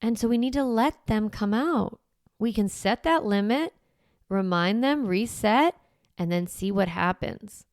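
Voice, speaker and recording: Speaking in a mid-range, slightly mellow voice, this woman sounds animated yet a little slow. She's a parenting coach hosting a teaching podcast, keeping things casual and comforting while repeatedly asking "right?" The audio is studio-clean with no room echo.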